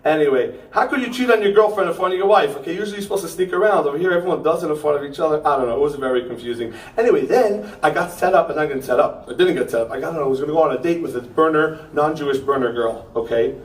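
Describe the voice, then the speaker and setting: Young man, stand-up comic, slightly high voice, ranting delivery, echoey room, mic far off. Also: rapid-fire, hardly any pauses. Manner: ranting, punchy asides with frequent "okay?". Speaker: stand-up comedian. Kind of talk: stand-up set. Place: pop-up theater stage. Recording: roomy theater sound from far off.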